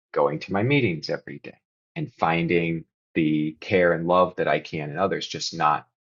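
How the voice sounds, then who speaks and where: Deep gravelly man, earnest and reflective. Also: fairly bright tone, highs cut off. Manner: earnest, reflective, rising to emphatic bursts. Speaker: podcast guest. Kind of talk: candid confessional conversation.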